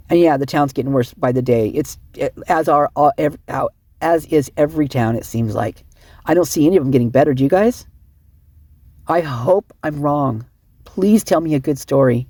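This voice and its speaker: A woman's voice: sits low, moderate pace, mellow, no room sound. A middle-aged woman giving rambling, emotional casual commentary, sleep-deprived and often restarting her sentences. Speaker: online commentator.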